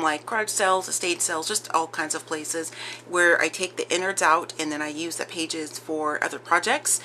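A woman with a low-pitched but bright, forceful voice hosts a casual crafting vlog from home. She rambles chattily, full of fillers. Faint household noise sits behind her. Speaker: crafting channel host. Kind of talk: casual show-and-tell vlog.

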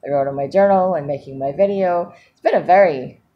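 A woman's voice: sits low, a little fast, lo-fi sound. A woman talking candidly in a personal video diary, rambling and laughing often as she goes. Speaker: vlogger.

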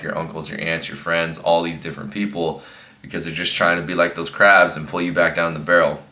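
A man's voice: low voice, pushed and bright. A man who coaches fitness, talking earnestly and rambling a bit, with many fillers and restarts, in a casual motivational monologue.

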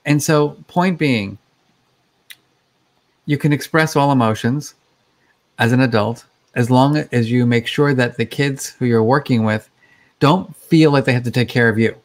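A man's voice: mid-range voice, a little slow, long pauses. A man speaking as a guest expert in a conversational interview, explaining things in a chatty way with many fillers.

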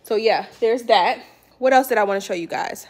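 Tired pregnant lady in her 30s vlogging at home, kinda high voice, rambly chatty. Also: moderate pace. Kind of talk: casual home vlog. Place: home, indoors.

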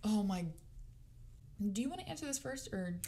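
Young woman, podcast co-host, animated storyteller, casual chat. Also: mid-range voice, moderate pace, a little hiss or hum. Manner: animated storyteller, acts out quotes.

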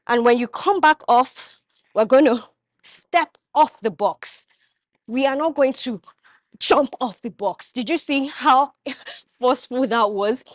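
A woman's voice: sits high, a little slow, no echo, studio quality. A young woman vlogging her workout in a gym, coaching viewers with energy as she demonstrates the exercises. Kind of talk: instructional workout vlog.

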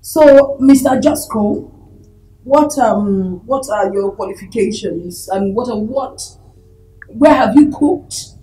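A woman's voice: fairly high pitch, slow pace, mellow. A woman playing the impatient wife of a wealthy house, questioning a job applicant sharply. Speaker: wife of the employer, interviewing staff. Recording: roomy echo, from off-mic.

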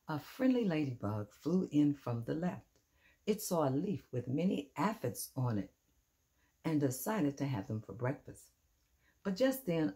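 Older woman, storybook reader for kids, gentle and very animated. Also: extremely low pitch. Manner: gentle, lively and expressive, pausing to point at pictures. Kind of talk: reading a picture book aloud to children.

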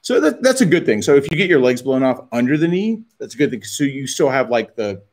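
A man in relaxed live-stream chat, spinning crude bar stories with plenty of swearing. His voice sits at an ordinary pitch and he breaks into laughter as he talks. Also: brisk. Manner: rowdy, profane storyteller who laughs a lot.

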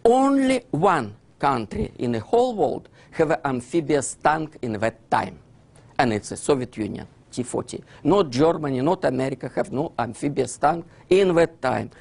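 A man lectures in with broken grammar, pointing his audience to slides. His delivery is theatrical, and his pitch swings widely from high to low. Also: moderate pace, creaky. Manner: animated, theatrical, non-native English with broken grammar.

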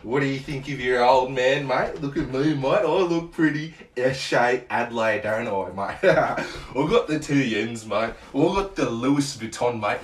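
A man's voice: mid-range voice, a little slow, few pauses, roomy sound, far from the mic, slight background noise, lightly acted. A man playing a middle-aged Australian father trying to seem cool, chummy and laughing. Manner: chummy, laughing, says mate constantly.

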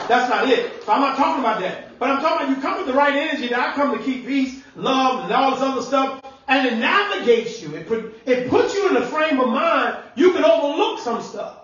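A man preaching a sermon as pastor, animated and conversational, sometimes shouting and laughing. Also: very high-pitched. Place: church sanctuary. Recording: echoey church room, mic at distance, dull sound.

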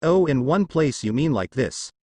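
A teasing spider demi-woman who giggles as she toys with her prey, put on by a man reading a fanfic. The delivery is lively and rises and falls a lot. The sound is close and dry. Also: mid-range voice, normal speed, no room sound, natural voice. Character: spider demi-human woman, playful and sly.

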